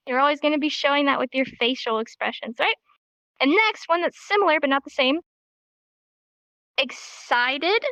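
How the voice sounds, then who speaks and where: A woman's voice: high-pitched, lively intonation, normal speed, fairly bright tone, no room sound, lo-fi sound. A young woman teaching a casual sign language class, bubbly and giggly, acting out each emotion with her voice while tired and a bit sore in the throat.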